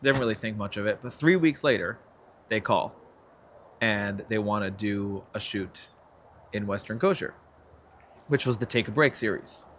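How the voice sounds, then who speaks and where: A man's voice: fairly low pitch, moderate pace, pauses often, slight background noise. A young man, a filmmaker and actor, telling stories as a guest in a casual interview, acting out the quotes. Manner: animated storyteller, acts out quotes with laughs.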